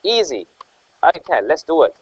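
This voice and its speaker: A man's voice: on the high side, big pitch swings, normal speed, breathy edge, dry recording. A man teaching an online math lesson, explaining step by step, checking often with "right?" and "okay?", with slightly non-native English phrasing. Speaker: math tutor. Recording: dull, slightly lo-fi dry audio.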